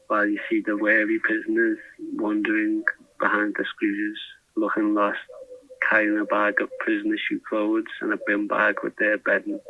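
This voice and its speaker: Calling from his prison cell, this man dictates his podcast diary into a phone handset, captured dryly on the phone line. He speaks on the low side with a bright, forceful tone, wandering and faltering with frequent restarts.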